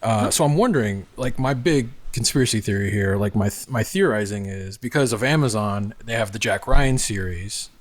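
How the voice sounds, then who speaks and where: A man's voice: fairly low pitch, expressive, moderate pace, few pauses. A man chatting casually, rambling through his theories with lots of fillers. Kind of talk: casual chat.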